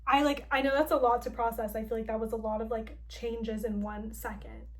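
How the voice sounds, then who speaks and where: A young woman with a fairly high voice recaps a story-driven game for her channel. She talks in a chatty, playful rush and leans on "like" constantly. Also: a little fast. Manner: chatty, heavy use of "like", playful and expressive. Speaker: gaming vlogger.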